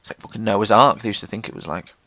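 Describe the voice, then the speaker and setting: A man's voice: fast talker, sharp tone, no echo. A man telling funny stories about his own life in an irreverent, self-mocking way, swearing freely and acting out what people said. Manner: acts out quotes in jumpy pitch. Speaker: podcast host. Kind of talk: comedic personal storytelling.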